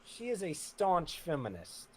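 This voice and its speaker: A man chatting on an online call who tells stories in a halting, rambling way. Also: high voice, huge pitch swings. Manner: hesitant, rambling storyteller. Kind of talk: casual group voice chat.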